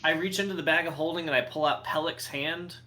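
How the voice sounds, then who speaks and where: A man's voice: on the high side, fairly even intonation, fast, a crowd in the background. A man playing a tabletop game, speaking brashly and joking in character. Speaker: player. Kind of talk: tabletop role-play.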